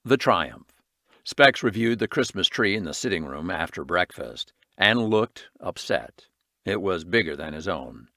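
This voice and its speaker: Man narrating with a lively voice. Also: low-pitched, normal speed, dry recording, clean studio sound. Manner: expressive, varied reading. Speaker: audiobook reader. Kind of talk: storybook narration.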